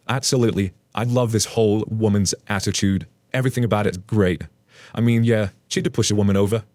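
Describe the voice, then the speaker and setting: A man's voice: fairly low pitch, steady tone, brisk, a little mellow, no room sound. A man hosting a channel where he reads online stories aloud and adds blunt, casual commentary with the odd swear word. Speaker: narrator and host.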